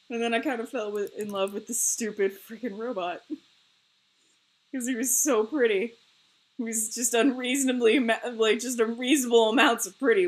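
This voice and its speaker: A woman's voice: mid-range voice, moderate pace. A young woman streamer rambling in casual chat while she draws on a live stream, self-mocking, swearing and laughing often.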